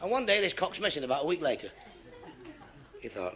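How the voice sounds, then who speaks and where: A middle-aged man with a Manchester accent doing stand-up, telling jokes in a deadpan storytelling way. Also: on the high side, a little fast, background noise. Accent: Mancunian. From Manchester, England. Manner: deadpan storyteller, chains "he said" through dialogue. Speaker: stand-up comedian.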